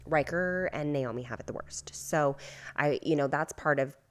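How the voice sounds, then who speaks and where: Low-voiced woman telling a family story. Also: moderate pace. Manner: candid, rambling with many fillers. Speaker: podcast co-host. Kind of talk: casual storytelling chat.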